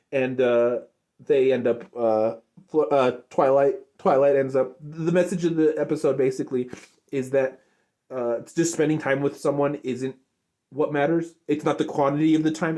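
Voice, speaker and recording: A young man giving an unscripted, rambling review of a cartoon episode, gushing and excitable, full of filler words. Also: mid-range voice. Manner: rambling, lots of filler likes and restarts. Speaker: show reviewer.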